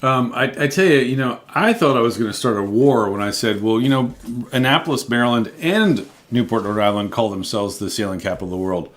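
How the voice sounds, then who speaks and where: A man co-hosts a casual travel chat at an ordinary pitch. He explains points at length in a relaxed way, filling gaps with ums and you knows. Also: a little fast. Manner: relaxed, explanatory, lots of fillers. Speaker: co-host.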